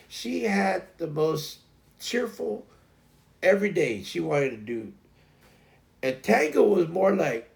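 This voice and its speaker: A man's voice: high-pitched, very animated, slow, gravelly, pauses often. A man hosting a casual livestream from home, rambling loosely and talking to his dogs. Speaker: host.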